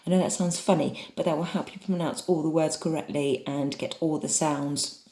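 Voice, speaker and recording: A woman's voice: sits low, fairly even intonation, normal speed, dark tone. A woman from England leading an online drama lesson for children, chatty and encouraging as she demonstrates reading aloud. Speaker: drama teacher. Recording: echoey room.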